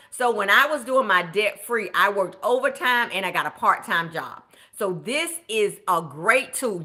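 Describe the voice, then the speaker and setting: A woman's voice: medium pitch, animated, moderate pace, sharp tone. A woman coaching viewers on budgeting during a live stream, chatty and encouraging, cheering people on by name as she reads their comments.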